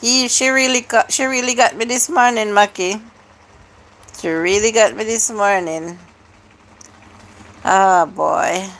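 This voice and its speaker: Unhurried woman chatting with viewers. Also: mid-range voice, fairly even intonation, fairly bright tone. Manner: chatty, answers viewer comments one by one. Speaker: live-stream host. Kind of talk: casual live-stream chat with viewers.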